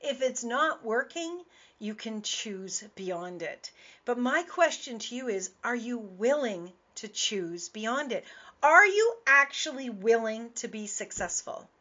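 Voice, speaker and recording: A woman's voice: fairly high pitch, big pitch swings, slow pace, pushed and bright. A woman host and business coach talking in a casual radio monologue, stressing points by repeating words. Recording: dull lo-fi audio.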